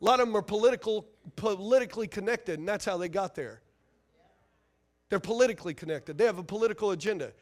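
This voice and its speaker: A man's voice: high voice, fast. A man preaching a sermon as pastor, emphatic and fiery, firing rhetorical questions at his congregation.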